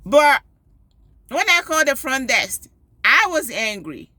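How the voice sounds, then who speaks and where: A woman and school parent telling a story with animated emphasis, giving advice in a personal video. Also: high voice, slow, no echo. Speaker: parent and PTO volunteer.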